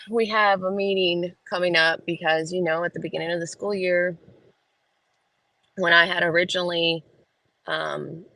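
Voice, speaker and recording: A vlogger with a fairly low pitch and a fairly bright tone is heard in a dry, low-quality phone recording. Waiting in a school pickup line in her parked car, she chats casually with live viewers, rambling homily and using lots of fillers.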